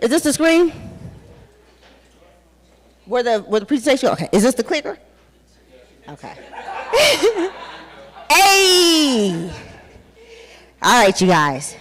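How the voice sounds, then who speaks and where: A woman, giving a loud, rowdy motivational talk on a conference stage, cussing and hyping the crowd. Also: high-pitched, very animated, slow pace, long pauses. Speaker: conference speaker. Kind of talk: hype-style motivational talk. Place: large conference hall with music playing. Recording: hall reverb, from a stage mic.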